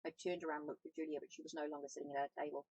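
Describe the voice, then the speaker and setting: A woman's voice: low-pitched, little pitch movement, racing, a little mellow, slightly rough, no echo, highs cut off. A woman reading a first-person novel aloud, with small slips and self-corrections. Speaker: audiobook reader, tarot channel host.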